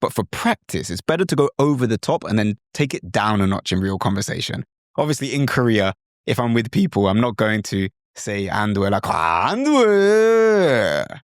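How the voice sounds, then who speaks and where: A British man with a fairly low, animated voice talks briskly as a podcast language coach. The sound is dry and studio quality, and his keen instructional talk keeps slipping into impressions of other accents.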